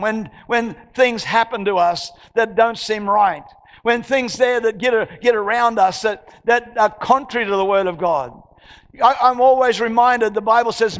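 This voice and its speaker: A man from Australia preaching a sermon as a pastor, emphatic, with repeated phrases and rhetorical questions to the congregation. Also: sits high. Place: church hall. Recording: church hall with long reverb.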